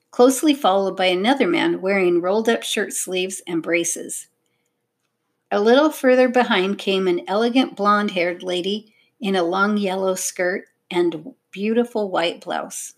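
A woman narrating a children's audiobook in an expressive, measured storytelling manner. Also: mid-range voice.

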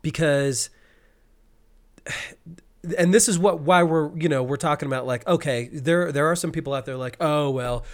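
A man co-hosting a podcast, telling an animated story and acting out frustrated cursing. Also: fairly high pitch, moderate pace, long pauses. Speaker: podcast co-host. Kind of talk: casual podcast chat.

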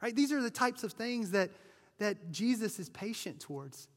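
A pastor with a high-sitting voice and lively intonation preaches a sermon at normal speed, with a long reverb tail. He talks casually, repeating and restarting words and frequently checking in with "right?".

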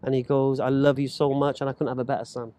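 Fast-talking man telling stories. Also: medium pitch. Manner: animated, acts out quoted voices, laughs while talking. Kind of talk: casual storytelling chat.

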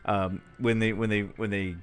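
A man's voice: on the low side, flat delivery, normal speed, soft background music. A man co-hosting a podcast, recounting a news story in rambling casual talk with repeated words and chuckles. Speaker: podcast co-host.

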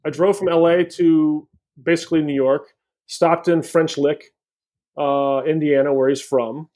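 A man with a voice a little higher than most talks as a guest on a casual chat. He rambles through his stories at an easy pace and leans on fillers as he goes. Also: unhurried. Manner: relaxed, rambling storyteller with fillers. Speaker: actor guest.

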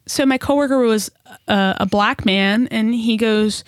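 A young woman with a fairly high voice tells stories in casual chat, acting out the people she quotes. The sound is dry and close. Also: normal speed, no echo. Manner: animated storyteller, acts out quotes.

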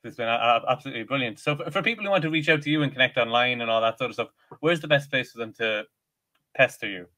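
A bright, forward male voice carries this relaxed podcast conversation. He hosts, laughing often and slipping into quick acted-out lines as he tells stories. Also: medium pitch. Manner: laughs often, animated, acts out quoted lines. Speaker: podcast host. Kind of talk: casual chat.

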